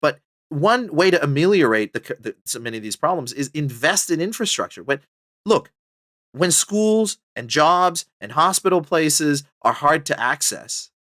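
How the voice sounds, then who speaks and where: A man's voice: moderate pace, no room sound, studio quality. A man being interviewed about his book, talking casually and animatedly with lots of fillers. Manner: animated, chatty, full of fillers and pitch jumps. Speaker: podcast guest, book author.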